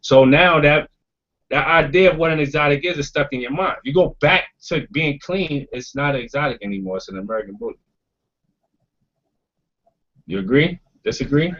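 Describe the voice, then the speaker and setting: A podcast host leads a casual roundtable, speaking bluntly and emphatically and swearing freely. His voice is fairly high, brisk and fairly bright, captured in dull lo-fi audio.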